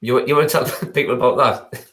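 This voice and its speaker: A man hosting a supporters' club video chat in a friendly, chatty way, a little halting, with fillers. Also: mid-range voice, fairly even intonation, fairly bright tone. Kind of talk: casual interview chat.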